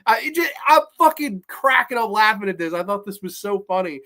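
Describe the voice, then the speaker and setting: Animated, high-voiced man podcaster. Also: a little fast. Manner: animated, profane, rambling, many fillers and restarts. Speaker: podcast host. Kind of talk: casual horror TV review chat.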